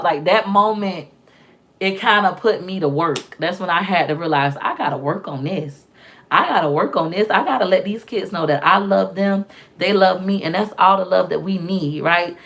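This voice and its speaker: A woman, telling her life story in a candid, emphatic vlog, often acting out what others said. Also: lowish voice. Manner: emphatic, repeats phrases, acts out quotes of others. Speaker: vlogger.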